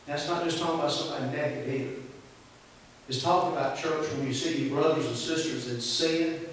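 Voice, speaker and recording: Folksy Southern pastor in echoey church. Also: male voice, on the high side, fairly even intonation, fairly quick. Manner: folksy, conversational preaching with call-and-response. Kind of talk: sermon. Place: church sanctuary. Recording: echoey church hall from far off, faint hiss.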